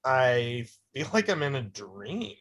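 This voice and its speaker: A woman's voice: rumbling low, sing-song, breathy edge, full character voice. A woman reading a bewildered husband. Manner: halting, bewildered. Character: bewildered husband being served divorce. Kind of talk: live script reading.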